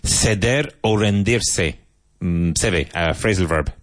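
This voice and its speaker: A male teacher with a deep, low voice leads a classroom vocabulary drill. His delivery is brisk and encouraging. The recording is dry and close, with no room sound. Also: dry recording. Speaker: English teacher.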